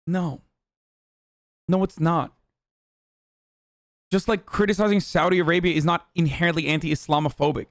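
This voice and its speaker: On his livestream, a man delivers a political commentary rant that's heated, sarcastic and full of swearing. His fairly high voice keeps a steady tone at a normal speed with frequent pauses, in studio-quality sound without echo.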